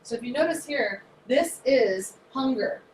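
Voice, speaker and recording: A woman in her thirties, a naturopath, explaining science in a chatty, animated, nerdy way. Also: high voice, measured pace. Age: 30s. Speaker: naturopath presenter. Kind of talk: casual explanatory talk. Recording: echoey room, faint noise.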